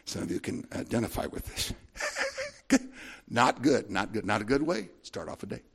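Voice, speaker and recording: A man's voice: on the low side, big pitch swings, normal speed, gravelly, breathy edge. A man preaching a sermon, telling a long anecdote in a rambling way with frequent asides to the congregation. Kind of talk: sermon storytelling.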